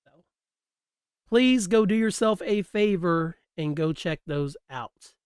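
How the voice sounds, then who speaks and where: A man with a fairly high speaking voice talks through his solo podcast in a loose, slangy way. He rambles easily, close to the mic, and the sound is dry. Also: lively intonation, unhurried, clear, resonant tone, no room sound. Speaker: podcast host. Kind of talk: casual solo chat.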